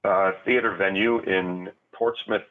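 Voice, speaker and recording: A laid-back man talks through a comedy story in an easy, unhurried chat, with a short laugh now and then. His voice sits a little low. The sound is thin and boxy, as if it came down a phone line. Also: steady tone. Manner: laid-back, chuckles between thoughts. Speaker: guest comedian. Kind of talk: casual chat. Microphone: remote call.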